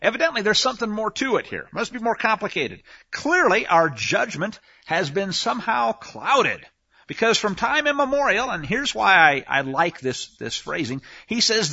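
A man's voice: sits high, big pitch swings, moderate pace, sharp tone, husky, dull audio. A man preaching a sermon on scripture, emphatic, often asking the listeners rhetorical questions. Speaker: Bible teacher.

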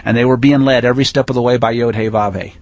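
A man preaching a teaching sermon in a folksy, emphatic way, rising to forceful declarations. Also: mid-range voice, steady tone, fast.

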